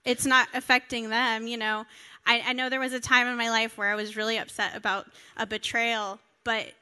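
Woman preacher, sermon with scripture reading, high-ish bright tone, earnest and direct. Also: level tone, moderate pace, clean tone. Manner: earnest, emphatic, talks directly to listeners.

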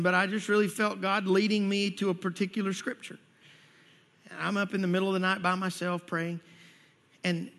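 High-voiced man preaching in a reverberant hall. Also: fairly bright tone. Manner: earnest storytelling, rising emphatic near the end. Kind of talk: sermon.

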